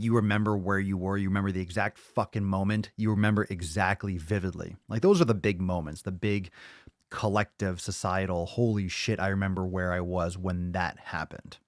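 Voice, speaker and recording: A man with a fairly low voice hosts a live fitness podcast stream, loudly joking, swearing, and rambling as he chats loosely with viewers. The sound is clean studio audio with no room sound.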